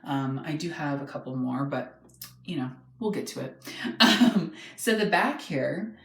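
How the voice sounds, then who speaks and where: A man hosting a casual toy review vlog from his home, eager and talkative, often pausing on an um before rushing ahead. His voice rings off the walls of a bare, echoey room. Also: fairly high pitch, vocal fry. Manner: excitable and chatty, with frequent ums.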